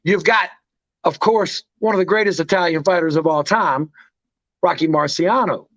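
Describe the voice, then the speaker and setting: A man hosting a casual livestream chat, talking with excitement and telling stories. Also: fairly high pitch, moderate pace. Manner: excited, storytelling, drops names. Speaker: show host. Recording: dull lo-fi stream audio.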